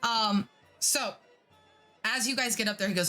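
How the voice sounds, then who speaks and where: Woman, game master, tabletop narration, bright tone, chatty. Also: a little high, measured pace, long pauses, soft background music. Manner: chatty, many fillers.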